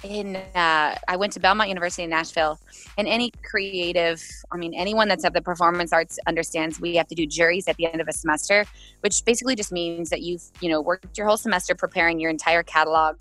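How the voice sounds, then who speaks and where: A woman's voice: lowish voice, fast talker, a bit bright. A young woman, a singer-songwriter, talks casually over a video call and tells stories with laughs and quoted voices.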